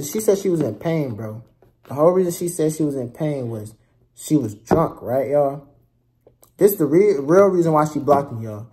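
Heated young man with a dark voice. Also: fairly high pitch. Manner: heated, slangy, profane, addresses viewers directly. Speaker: vlogger telling a story. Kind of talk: casual storytime rant.

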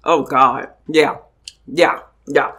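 A woman's voice: low voice, very slow, breathy edge. A young woman, chatting casually and expressively as a mukbang vlogger while she eats. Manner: animated, expressive, joking asides. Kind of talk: casual chat while eating.

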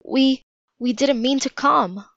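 A woman reading aloud, voicing a nervous, embarrassed young boy with a squeaky, timid manner. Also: takes it slowly, creaky, fairly bright tone, dry recording, dull audio, full character voice.

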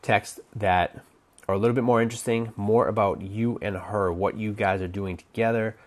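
A man's voice: lowish voice, fairly even intonation, moderate pace. A man coaching on dating, giving casual advice while thinking aloud, with many restarts and fillers. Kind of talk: casual instructional talk.

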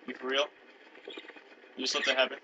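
A young man commentating a co-op video game, excitable and joking, on a headset mic. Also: medium pitch, fairly quick. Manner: excitable, yelps and jokes. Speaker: co-op gameplay commentator. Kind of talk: casual let's play chat. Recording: noisy game audio behind.

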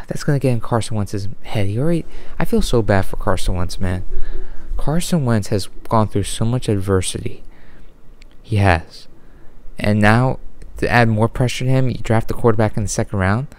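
A man delivering an unedited, exasperated sports rant with frequent sighs, deliberately holding his volume down. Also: on the low side. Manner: exasperated, sighing, ranting. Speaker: sports fan vlogger.

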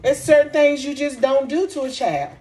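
A middle-aged woman, venting emotionally in a vlog, impassioned and repetitive, her voice sinking soft and low in the hurt parts. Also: lively intonation, normal speed. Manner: impassioned, repeating herself, voice dropping low and soft when recalling hurt. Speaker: vlogger. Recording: faint background noise.

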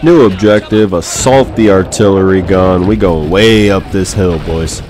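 A man's voice: deep voice, a little slow, a little mellow, a little hiss or hum. A man giving joking, playful commentary while playing a war game, calling his audience boys. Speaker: gaming commentator. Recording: game battle sounds behind.

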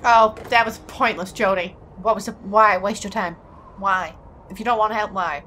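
A woman's voice: medium pitch, steady tone, normal speed, bright, forceful tone, slight background noise. A woman casually commentating a game, chatty and jokey, talking back to the characters. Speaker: let's play host.

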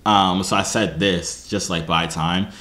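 A man's voice: deep voice, fairly even intonation, measured pace, bright, forceful tone. A young man YouTuber telling a comic story to his viewers, self-mocking and slangy, breaking things down as he goes.

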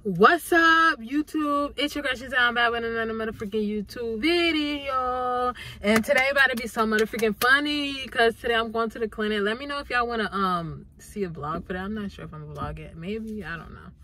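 A woman's voice: a little high, fairly quick, hardly any pauses, bright, forceful tone, a little hiss or hum, rough recording. A young adult woman talking casually and playfully to her viewers in a vlog, with lots of slang and swearing. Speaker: YouTuber.

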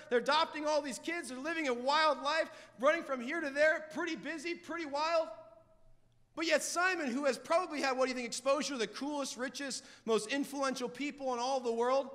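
Fervent high-voiced young male preacher. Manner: fervent, emphatic preaching with shouted peaks. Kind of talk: sermon. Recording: long hall reverb.

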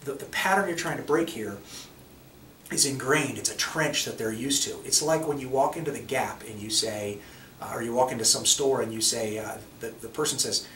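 A man's voice: medium pitch, moderate pace, fairly bright tone, slight background noise. Man teaching sales in an echoey room. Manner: conversational, acts out sample phone scripts. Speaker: sales trainer. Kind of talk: recorded sales training talk. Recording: echoey room, mic at a distance.

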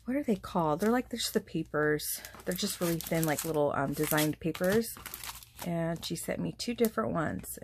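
A young woman vlogging as she opens craft gifts, gushing and full of fillers, moved to happy tears. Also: lowish voice. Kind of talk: casual unboxing chat. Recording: steady background noise.

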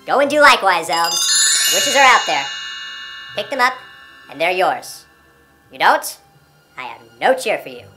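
A woman's voice: on the low side, sing-song, measured pace, pauses often, music in the background. A woman playing a brash, abusive male sales boss from the North Pole in an amateur comedy parody, swaggering and berating.

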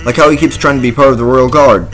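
A man's voice: medium pitch, steady tone, quick pace, a bit bright, soft background music, close to an everyday voice, rough recording. A man voicing a lazy, joking male skeleton, reading game dialogue aloud with an offhand, laid-back delivery.

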